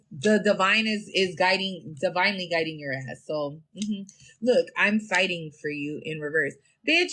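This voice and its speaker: A woman's voice: medium pitch, fairly bright tone. A woman giving a live-stream tarot reading, talking bluntly in a profane, slangy, rambling way into her phone. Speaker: tarot reader.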